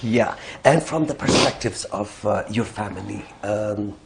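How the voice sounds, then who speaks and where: A man's voice: lowish voice, a little slow, vocal fry. Hesitant male interviewer, faint hiss. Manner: hesitant, many fillers and repeated words. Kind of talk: interview questions.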